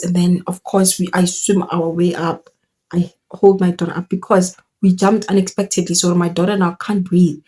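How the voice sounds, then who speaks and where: A young woman tells a story in an animated, exclaiming way. She uses slang and mixes local words into her speech. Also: medium pitch, slightly rough. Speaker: vlogger telling a story. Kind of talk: storytime vlog.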